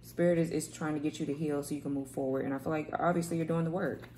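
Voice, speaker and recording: A woman's voice: low-pitched, steady tone, fast, darkish tone, slight background noise. A woman reading tarot cards to camera in a loose, rambling way, repeating words and swearing casually. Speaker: tarot reader. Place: home room, kids heard playing outside.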